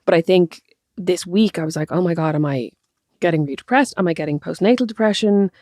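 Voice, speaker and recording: Irish woman, 30s, podcast co-host, quick and chatty, low-ish voice, dry close sound. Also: dark tone, no room sound. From Ireland. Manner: chatty, self-deprecating, laughs often. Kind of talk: casual chat.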